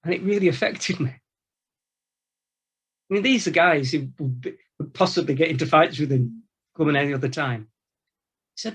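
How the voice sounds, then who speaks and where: A priest with a fairly high male voice gives a relaxed Lenten talk. He tells anecdotes in a conversational, colloquial manner and acts out the voices of the people in his stories. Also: moderate pace, pauses often, husky. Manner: storytelling, animated anecdotes with quoted voices; informal, colloquial phrasing. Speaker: Catholic priest, former prison chaplain.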